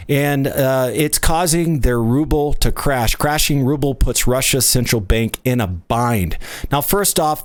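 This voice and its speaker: A man's voice: medium pitch, no echo. A man giving emphatic, unscripted market commentary, full of rhetorical questions and restarts. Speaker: oil investment company presenter.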